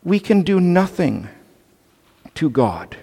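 Animated pastor preaching in a reverberant hall. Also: male voice, on the high side, slow, vocal fry, breathy edge. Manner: earnest and animated, with playful asides to the children. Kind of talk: sermon. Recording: long reverb of a large hall.

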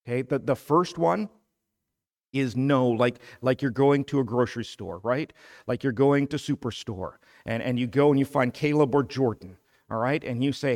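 A man preaching a sermon as pastor, slow and emphatic, building to fervent peaks. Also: medium pitch, a little mellow. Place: church sanctuary. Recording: long hall reverb.

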